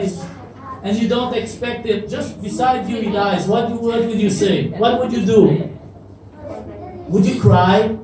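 Slow, animated Bible storyteller for kids, heard from afar in an echoey hall with noise. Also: mid-range voice. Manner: animated, asks the children questions. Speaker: children's Bible teacher. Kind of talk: storytelling to children. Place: church event with children, in a hall. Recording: echoey hall from far off, noisy.

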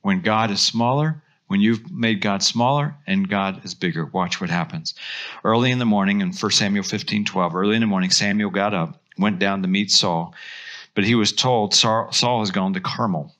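Bright-voiced preaching man. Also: fairly low pitch, normal speed, highs cut off. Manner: animated preaching, drops to soft hushed tones. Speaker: pastor. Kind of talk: sermon.

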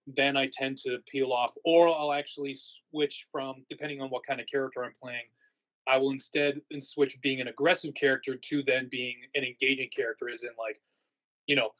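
A man's voice: mid-range voice, steady tone, moderate pace, rough recording. A man answering interview questions in a casual, rambling way, full of fillers and restarts. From United States. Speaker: haunt actor guest.

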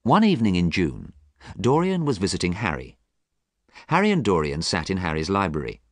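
Guy reading a storybook for english learners, lowish voice, lots of pitch movement, dry close sound. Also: huge pitch swings, fairly quick, no echo. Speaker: narrator. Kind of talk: scripted storybook narration.

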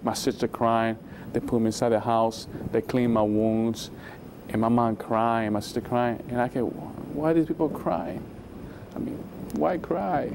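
A man recounts his past with raw emotion, his medium-pitched voice climbing sharply whenever he acts out what was said. A faint hiss of noise sits behind him in the recording. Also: a little slow, vocal fry. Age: 20s. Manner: emotional storytelling, acts out dialogue with sudden rises. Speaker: guest. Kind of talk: testimony in a religious interview.

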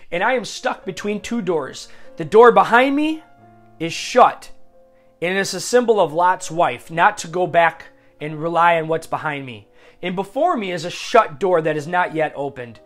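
Earnest male preacher with a high voice, reading scripture over soft background music. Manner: earnest and confessional, quotes verses at length. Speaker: Christian speaker. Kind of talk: devotional sermon with scripture reading.

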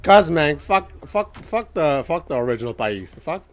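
A man casually commentating a video game playthrough, excitable and joking, swearing often and singing bits to himself. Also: on the high side, moderate pace, faint music behind. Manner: excitable, swearing, jokey, sings snippets. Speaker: gaming channel host. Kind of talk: let's play commentary.

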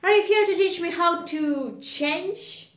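Woman reading as an excitable old miser. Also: very high voice, slow pace, pitched above the performer's own voice, full character voice. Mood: pleading. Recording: roomy echo.

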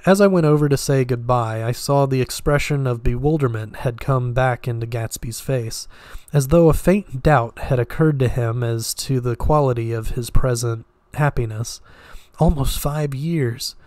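A man reading a novel aloud in a steady, unhurried way, sometimes slipping and restarting a word. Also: medium pitch, no echo. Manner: steady, with occasional slips and restarts. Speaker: reader.

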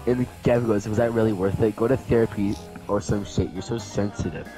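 A young male gamer with a slightly low voice reads his friends' chat messages aloud in a loose, joking way. Game music plays clearly underneath. He talks casually, as if hanging out with friends. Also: fairly even intonation, a little fast, mellow. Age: teens. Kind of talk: casual gaming commentary. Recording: game music playing behind.

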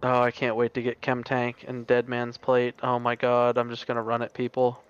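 A man's voice: medium pitch, monotone, normal speed, smooth, highs cut off. A man talking casually with his teammates during an online game, eager about his game plans.

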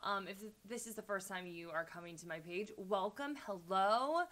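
A woman's voice: mid-range voice, moderate pace, a bit bright. A young woman hosting a casual trailer reaction video, chatty and gushing, with lots of ums and likes. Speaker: YouTube reaction host.

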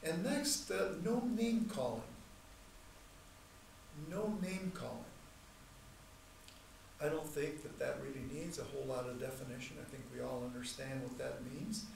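A man teaching a church class in a measured, deliberate way, repeating key points and slowing down to stress terms. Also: medium pitch, creaky. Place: church hall. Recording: echoey room, mic far off, faint noise.

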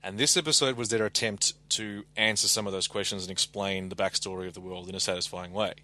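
A man's voice: deep voice, fairly even intonation, fast talker, bright, forceful tone. Exasperated man ranting on a podcast. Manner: exasperated critical ranting with swearing. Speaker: podcast co-host. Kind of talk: casual chat.

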